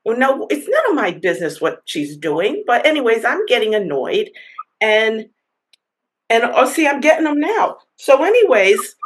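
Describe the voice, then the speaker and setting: A woman's voice: a little high, very animated, a little hiss or hum, poor audio. Chatty woman telling a story with fillers. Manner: chatty, halting, many fillers and restarts. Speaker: church member sharing a story. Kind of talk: casual storytelling.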